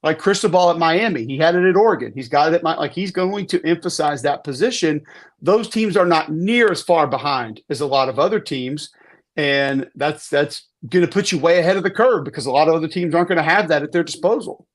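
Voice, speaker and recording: A man's voice: on the high side, fairly quick. A man giving an emphatic, conversational football breakdown on a podcast, often restarting sentences. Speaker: football analyst guest. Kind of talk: casual sports podcast talk.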